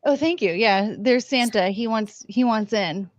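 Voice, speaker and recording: A woman's voice: fairly high pitch, measured pace, no room sound. Chatty woman guest, dull lo-fi sound. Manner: chatty, rambling, laughs through stories. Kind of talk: casual chat.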